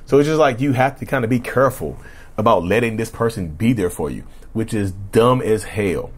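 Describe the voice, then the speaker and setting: Rambling male podcast host with a rough throat. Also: on the low side, lively intonation, normal speed. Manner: rambling and repetitive, often asking "right?" and addressing listeners as "y'all". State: throat a bit rough, clears it often. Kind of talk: casual solo podcast talk.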